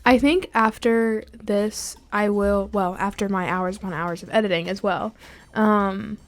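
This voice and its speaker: A young woman hosting a casual music podcast, bubbly and easily excited, wrapping up the episode with her co-host. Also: medium pitch, unhurried. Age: young adult. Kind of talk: casual chat.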